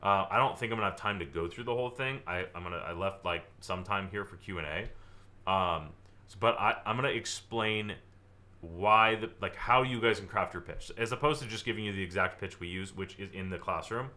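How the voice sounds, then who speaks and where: A man from Southern California giving a live online sales training, energetic and acting out client conversations to make his points. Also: sits low, fairly quick. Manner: energetic, acts out client dialogue, exaggerates for effect.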